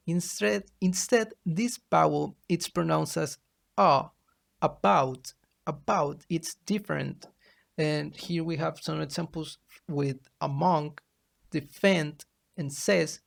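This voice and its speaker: A man giving a class presentation as a student, reading from his slides in a halting way. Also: on the high side, vocal fry.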